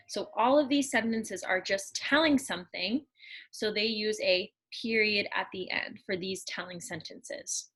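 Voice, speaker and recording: A woman teaching a lesson to young children, explaining slowly and patiently, step by step. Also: medium pitch, fairly bright tone, slightly rough, low-quality recording.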